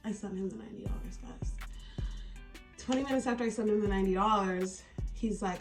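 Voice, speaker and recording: A woman telling a story in a get-ready-with-me vlog, animated and exasperated, with frequent swearing. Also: medium pitch, a little fast, pauses often, soft background music. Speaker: beauty vlogger.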